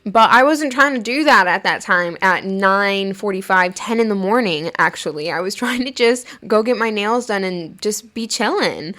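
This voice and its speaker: A woman speaks on her own podcast at normal speed, her medium-pitched voice sharp-toned and barely pausing. She tells a personal story conversationally, laughing throughout and saying "like" constantly.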